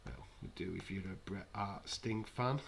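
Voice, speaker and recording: A man's voice: deep voice, normal speed, gravelly, a little hiss or hum. A man hosting a live wrestling watch-along, chatting casually with sarcastic, rambling asides.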